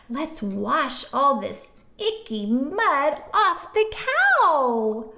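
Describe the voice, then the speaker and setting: A woman speech therapist talks to toddlers in a very high, bouncy voice that leaps all over the place. She stretches every word out slowly, sing-song and exaggerated, and faint music plays behind her. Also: very animated, bright, forceful tone. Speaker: speech-language pathologist teaching toddlers. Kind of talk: children's educational video.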